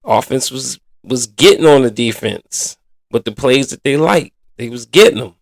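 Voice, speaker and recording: A man's voice: medium pitch, lively intonation, normal speed, gravelly, no room sound. A man hosting a sports podcast in a casual, blunt and exasperated manner, full of colloquial slang. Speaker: podcast host.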